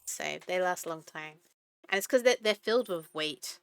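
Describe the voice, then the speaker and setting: A woman's voice: lowish voice, animated, normal speed, clean tone, no echo. A woman streamer chatting casually and swearing freely while she plays a game.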